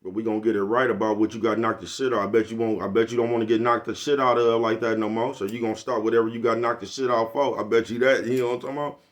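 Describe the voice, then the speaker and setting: A man's voice: mid-range voice, steady tone, very fast, hardly any pauses. An older man, giving a blunt, preachy, profane motivational monologue to his viewers. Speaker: vlogger.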